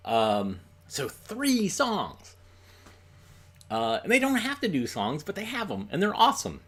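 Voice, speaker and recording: Um homem apresentando uma sessão de filmes antigos, falando de forma casual e hesitante, com muitas pausas e "uh". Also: male voice, high-pitched, wildly swooping pitch, a bit bright, slightly rough. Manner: rambling, with many fillers and pauses. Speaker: host of a film screening stream. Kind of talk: casual chat.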